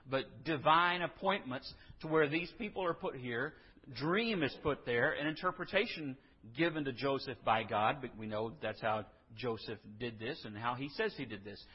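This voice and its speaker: A man's voice: fairly high pitch, breathy edge. A man preaching a sermon in a conversational storytelling way, with asides and humor. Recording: dull recording in a reverberant hall.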